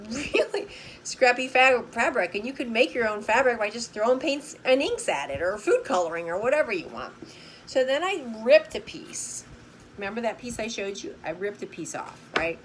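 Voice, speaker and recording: A woman's voice: medium pitch, slight background noise, rough recording. An older woman with grandchildren, chatting in a bubbly, casual way as she shows a simple art journal craft, repeating words like "super" and asking "right?".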